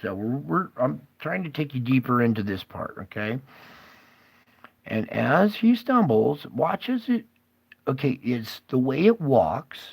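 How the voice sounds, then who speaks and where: Gravelly guy rambling over clips, keeps checking in with viewers, dry close sound. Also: medium pitch, big pitch swings, measured pace, a little mellow, dry recording. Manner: rambling, keeps asking "okay?". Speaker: conspiracy video host.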